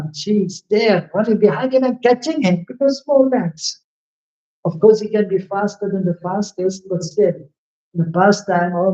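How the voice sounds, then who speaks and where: A man giving a devotional scripture lecture, telling stories and acting out the lines of the figures in them. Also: high-pitched. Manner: animated storyteller acting out quoted lines. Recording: echoey room, dull lo-fi sound.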